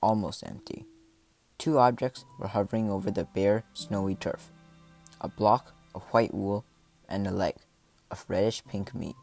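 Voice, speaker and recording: A man reading a first-person adventure story aloud, with dramatic delivery and voiced shouts and animal sounds. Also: lowish voice, measured pace, vocal fry, faint music behind. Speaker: audiobook narrator.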